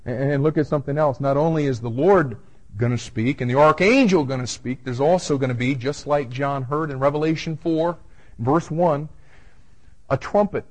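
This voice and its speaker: A man's voice: fairly high pitch, normal speed, rough recording. A male pastor preaching a verse-by-verse sermon, emphatic and repeating words as he starts each point.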